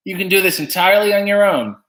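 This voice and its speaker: A man's voice: high-pitched, fairly bright tone. Wry man reading his livestream chat. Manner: playful, wry, reads comments aloud with quick asides. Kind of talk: casual chat.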